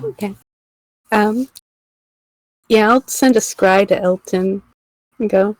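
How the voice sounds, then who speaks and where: A woman's voice: mid-range voice, takes it slowly, pauses often, a little mellow, no room sound, rough recording. Woman player, mid voice, hesitant casual delivery. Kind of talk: casual tabletop play.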